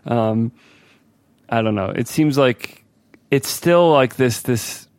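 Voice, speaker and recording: A man co-hosting a podcast, chatting casually about tech in a relaxed way, often laughing. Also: mid-range voice, takes it slowly, no echo. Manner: relaxed, laughs easily, mimics voices.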